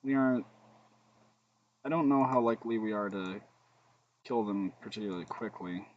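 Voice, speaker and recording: A man's voice: fairly low pitch, normal speed, muffled recording, a little hiss or hum. A man streaming a card game, thinking aloud between plays, humming and muttering, with joking asides to his chat. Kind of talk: casual gameplay commentary.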